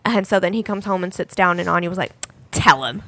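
A woman's voice: lowish voice, brisk, slight background noise. A woman in her thirties co-hosting a casual chat among moms, telling stories and acting out her children's voices. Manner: animated storyteller, acts out her kids' voices. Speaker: podcast co-host.

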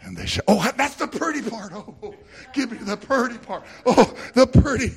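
A man with a Southern US twang preaching a lively sermon, laughing often and swinging from shouts to hushed asides. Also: very high-pitched, moderate pace, breathy edge. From American South.

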